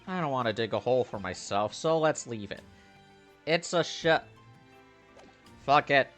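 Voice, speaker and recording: A man's voice: medium pitch, lively intonation, a little slow, pauses often, fairly bright tone, soft background music. A man casually commenting while playing a game, joking and swearing as he reads along. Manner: joking, swearing, loose and chatty. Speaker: let's play host.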